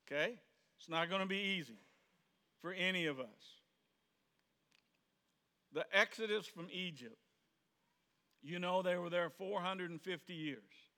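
A pastor's bright, slightly high voice carries through a reverberant church sanctuary as he gives a conversational sermon. He speaks a little slowly and pauses often, voicing the characters in his stories and occasionally erupting into shouts.

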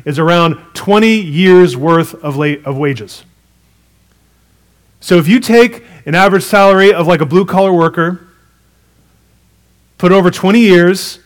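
A man preaching a sermon, retelling a parable in a conversational, animated way with casual asides. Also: a little high. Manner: storytelling, animated retelling with acted quotes.

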